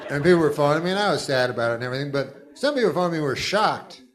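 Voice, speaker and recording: Deadpan rambling stand-up comedian man. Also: fairly high pitch, rapid-fire, a loud crowd, very noisy. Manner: deadpan, rambling, folksy asides. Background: audience laughter.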